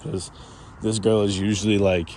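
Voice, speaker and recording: A young man with a lowish voice rambles through a casual vlog, self-conscious and full of restarts. Traffic and street sounds run clearly underneath. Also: flat delivery, normal speed, a little mellow. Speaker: vlogger. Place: outdoors by a street. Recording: outdoor street noise behind.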